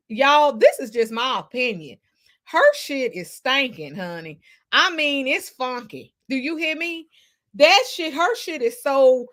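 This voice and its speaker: A woman's voice: high voice, fairly bright tone. A woman hosting a livestream and giving gossip commentary. She is emphatic, salty and profane, and she greets viewers in the chat by name. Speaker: livestream host reading chat.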